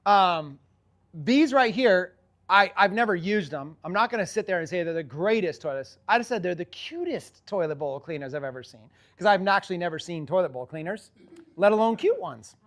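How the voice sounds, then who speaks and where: A man's voice: high-pitched, animated, moderate pace, fairly bright tone. A man coaching online sellers in a casual, rambling teaching talk, often repeating himself.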